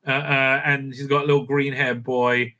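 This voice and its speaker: A man's voice: medium pitch, level tone, moderate pace, pushed and bright. A man hosting a casual spoken review, sarcastic and crude, with many hesitant fillers. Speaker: show host, reviewer.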